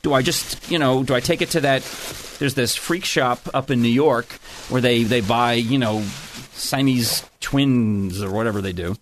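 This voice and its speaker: A man's voice: medium pitch, moderate pace, few pauses, slight background noise. A middle-aged man telling a family story in casual chat, rambling and often breaking off to restart his sentences. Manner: rambling, self-interrupting storyteller.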